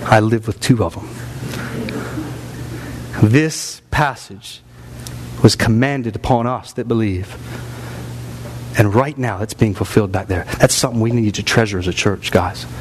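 A man's voice: fairly low pitch, measured pace, long pauses, a little hiss or hum. A man in his thirties preaching a sermon in a church, reading scripture aloud and rising into emphatic bursts. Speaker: pastor. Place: church sanctuary.

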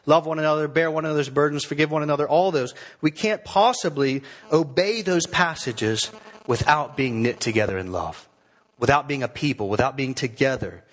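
Pastor preaching an earnest sermon, a man with a somewhat high voice who leans on key words. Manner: earnest, exhorting, with slowed emphatic phrases.

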